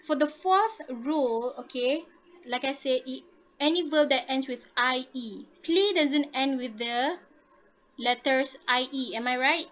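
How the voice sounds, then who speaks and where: A woman's voice: high voice, measured pace, a bit bright. A woman teaching a grammar lesson, patiently repeating rules and checking understanding with frequent "okay?". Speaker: English teacher. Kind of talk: online classroom lesson. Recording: dull lo-fi audio.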